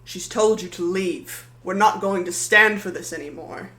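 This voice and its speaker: A game master voicing a gruff male blacksmith who is fed up and speaks out loudly. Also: mid-range voice, normal speed, reverberant, natural voice. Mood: angry. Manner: gruff, loud. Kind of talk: tabletop role-play voice.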